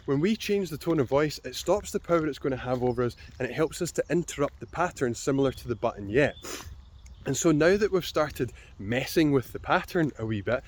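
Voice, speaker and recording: A man, a fitness coach giving a calm, encouraging instructional talk straight to the listener. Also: medium pitch. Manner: calm, encouraging, direct address.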